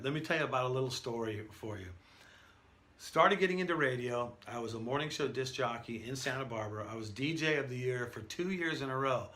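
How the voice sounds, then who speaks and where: A man teaching announcing skills in an animated, breezy, jokey manner. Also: mid-range voice. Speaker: announcer coach. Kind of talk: instructional talk.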